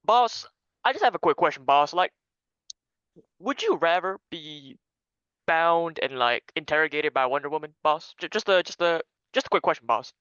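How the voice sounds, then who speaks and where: A debater puts on a high, stammering voice for a timid henchman who nags his boss. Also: animated, normal speed, fairly bright tone, smooth, no echo, dull audio, lightly acted. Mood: wheedling. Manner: stammering, wheedling.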